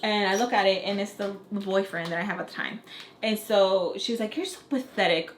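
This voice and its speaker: A young woman spills a personal story at a rapid clip, chatty and animated. Her voice rings around a roomy indoor space. A faint hiss sits underneath. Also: mid-range voice. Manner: animated, chatty, frequent "like" fillers. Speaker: vlogger telling a personal story. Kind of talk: casual storytime narration. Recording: roomy echo with faint background noise.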